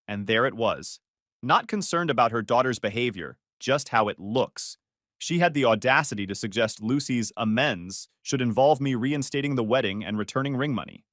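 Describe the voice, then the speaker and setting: A man narrates a first-person story in a dry, sarcastic tone, his pitch rising and falling with a lot of life. The recording is close and dry, with no room sound. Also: animated, normal speed, fairly bright tone, dry recording.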